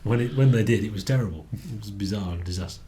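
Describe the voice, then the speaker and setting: A man's voice: lowish voice, fast, mellow. A man, chatting casually as co-host of a book review, laughing often and repeating words as he thinks. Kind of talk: casual chat.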